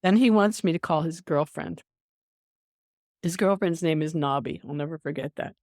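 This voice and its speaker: An older woman, a veteran emergency nurse, telling stories from her career in a casual podcast interview, lively and quick to laugh. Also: sits low, no room sound, clean studio sound. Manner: animated storyteller, breaks into laughter, many restarts.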